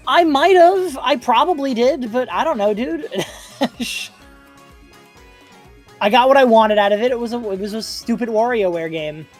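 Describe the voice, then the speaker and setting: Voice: medium pitch, lively intonation, normal speed, long pauses, soft background music. Rambling panelist full of fillers. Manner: rambling, filler-heavy, laughing easily. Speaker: podcast panelist. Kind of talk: casual panel chat.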